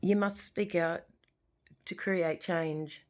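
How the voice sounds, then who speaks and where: Slow, a little mellow, and fairly even in intonation, her lowish voice carries an emotional personal monologue from her living room. She's an Australian vlogger in her forties addressing the camera directly, passionate and rambling, and she repeats herself often.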